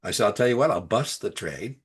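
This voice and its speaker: A man's voice: lowish voice, expressive, fairly quick, slightly rough. A man tutoring students for a securities exam, mixing explanations with casual anecdotes and dropping his voice for asides. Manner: storytelling, conversational, drops to quiet asides.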